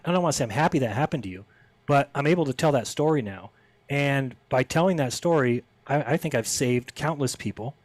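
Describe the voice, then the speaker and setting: A man's voice: medium pitch, darkish tone, no room sound. A man as a podcast guest, telling a story in casual conversation and acting out the people he quotes with a raised voice.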